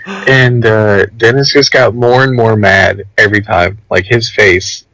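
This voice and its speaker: A young man with a low, gravelly, bright-edged voice tells rambling stories in a loose podcast chat. He's animated and peppers everything with "like". The sound is dry and close. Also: unhurried, no echo, rough recording. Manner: rambling, animated storytelling with lots of "like". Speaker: podcast co-host. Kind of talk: casual chat.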